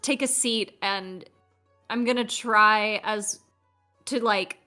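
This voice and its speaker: A woman's voice: medium pitch, takes it slowly, sharp tone, faint music behind. A woman at a tabletop game describing what her character does in a hesitant, casual way. She fills her sentences with ums and likes as she works it out. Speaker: player.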